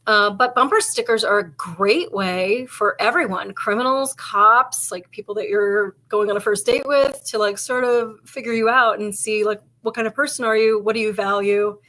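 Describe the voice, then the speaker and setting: A woman's voice: mid-range voice, moderate pace, hardly any pauses, pushed and bright. A woman police officer co-hosting a casual chat show, telling stories in a loose, rambling way full of "like" and the odd swear word. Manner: chatty storytelling, heavy with "like", casual swearing. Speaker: podcast co-host and police officer.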